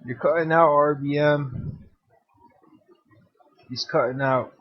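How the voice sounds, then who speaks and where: A man co-hosts a casual chat over a muffled, lo-fi call line. His voice is slightly high and husky, and he answers in short, plain replies. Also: fairly even intonation, takes it slowly. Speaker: co-host on a call.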